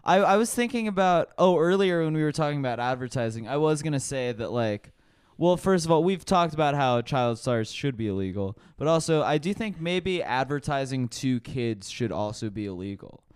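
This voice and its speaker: A man, a comedian, chatting casually on a podcast, talking in halting restarts with swearing. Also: medium pitch, lively intonation, smooth, no room sound, studio quality. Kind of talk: casual chat.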